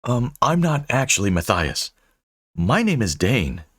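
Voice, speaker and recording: A man's voice: medium pitch, big pitch swings, measured pace, fairly bright tone, breathy edge, pitched above the performer's own voice, full character voice. A man voicing a young male adventurer who talks in a hesitant, awkward way. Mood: flustered.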